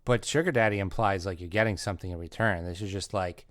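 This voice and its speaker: Low-voiced laid-back podcast man. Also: fast, a bit bright, dry recording, clean studio sound. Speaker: podcast co-host. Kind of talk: casual comedic banter.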